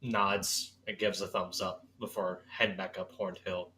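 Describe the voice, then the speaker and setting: A man narrating as game master of a tabletop role-playing game in an unhurried, descriptive way. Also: sits low, little pitch movement, pushed and bright.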